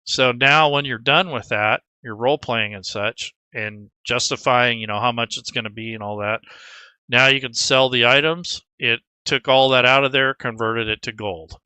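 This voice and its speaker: Man, casual tutorial talk, rambling, very bright tone, crisp, dry close sound. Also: medium pitch, steady tone, moderate pace, no room sound. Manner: rambling, casual, many restarts. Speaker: game master and software tutor. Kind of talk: screen-recorded tutorial.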